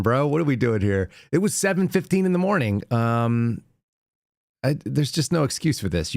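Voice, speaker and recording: A man hosts a live news commentary show in a clean, dry studio recording, his voice mid-range. He reads out headlines and ridicules them, chuckling and tossing in sarcastic remarks.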